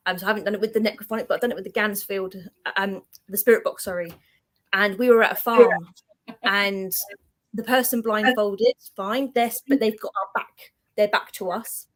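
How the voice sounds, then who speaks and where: A woman guest on a chat show, telling paranormal stories in a lively way and acting out the dialogue. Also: medium pitch, moderate pace, poor audio. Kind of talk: casual chat.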